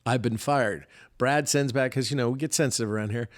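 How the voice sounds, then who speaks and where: A middle-aged man with a drawl chats on a podcast from a remote mic. He rambles through family stories and pokes fun at himself, with a voice of ordinary pitch. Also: a little fast. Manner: chatty, self-mocking storyteller. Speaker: podcast co-host. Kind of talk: casual chat.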